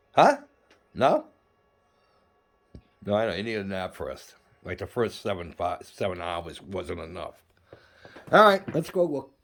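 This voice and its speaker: A middle-aged man hosting a model building vlog, telling a story in a chatty, excitable way with lots of fillers and restarts. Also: fairly low pitch, vocal fry. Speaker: model building channel host.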